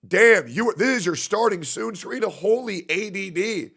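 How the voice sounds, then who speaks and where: A man's voice: high voice, lively intonation, normal speed, creaky, fairly bright tone. A man livestreaming, ranting in a profane, sarcastic way. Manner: profane, sarcastic, acts out mocking impressions. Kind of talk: livestream rant.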